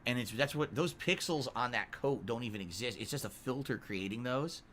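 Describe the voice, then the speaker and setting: A man streaming a game, thinking out loud with curious, casual commentary. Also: medium pitch, expressive, a little fast, slight background noise.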